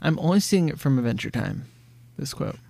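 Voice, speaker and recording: Gravelly guy on a podcast, a bit higher voice, dry close mic, chatty and tells it like a story. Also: expressive, a little fast, warm tone, dry recording. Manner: chatty storyteller who acts out bits of scenes. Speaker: podcast co-host. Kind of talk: casual chat.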